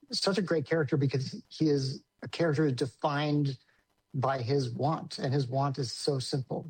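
A man's voice: medium pitch, darkish tone, slightly rough, no echo, poor audio. A man, a film director, answers interview questions enthusiastically, using lots of filler words.

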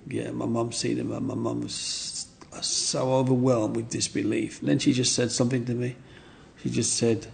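A man's voice: mid-range voice, level tone, normal speed, gravelly, darkish tone. A man, telling long rambling stories about his childhood and often asking "you know what I mean". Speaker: interviewee. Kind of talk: reminiscing storytelling.

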